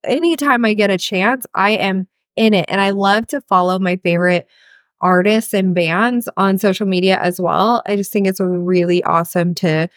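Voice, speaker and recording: Frank chatty woman podcasting solo, middle pitch, dry close sound, cusses freely. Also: normal speed, dry recording. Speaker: podcast host and healer coach. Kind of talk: casual solo podcast talk.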